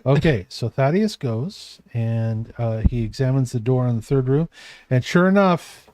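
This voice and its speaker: Game master, slow and unhurried, warm dark tone, dry close sound. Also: male voice, medium pitch, lively intonation, no room sound. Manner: meandering, self-correcting. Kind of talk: narrating a tabletop game.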